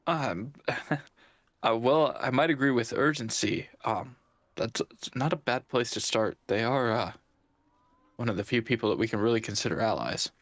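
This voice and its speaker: A man's voice: mid-range voice, moderate pace, a bit bright, no echo. A man chatting easily as a player in a tabletop game, laughing often. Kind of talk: casual chat at a tabletop game.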